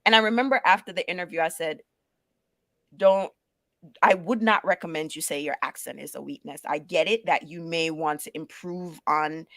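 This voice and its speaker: A middle-aged woman with a Caribbean-inflected New York accent speaks in a lowish voice. She tells stories in a lively way and laughs often. The sound is close and dry, with no room echo. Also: normal speed. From Caribbean background, raised in Brooklyn. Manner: animated storytelling, laughs often, restarts. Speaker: guest. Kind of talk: casual interview conversation.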